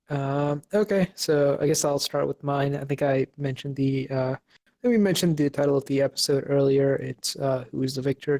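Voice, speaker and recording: Recapping a podcast episode in a relaxed way, a young man co-hosting the show stumbles through plenty of fillers and restarts. His voice leans high but has a darkish tone.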